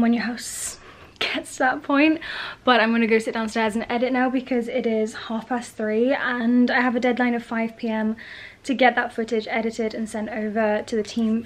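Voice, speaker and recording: A woman's voice: fairly high pitch, steady tone, moderate pace. A young woman vlogging at home, chatting to camera in a gushing way with many "like"s. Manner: chatty, gushing, says "like" a lot. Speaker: influencer vlogger. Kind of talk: casual vlog chat to camera. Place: bedroom at home, indoors. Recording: echoey room.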